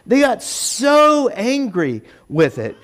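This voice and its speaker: A pastor giving a casual, conversational sermon in a church, chatty and animated, acting out the voices of the people in his stories. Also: extremely high pitch, slow. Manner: chatty and animated, acts out quoted voices, self-deprecating asides.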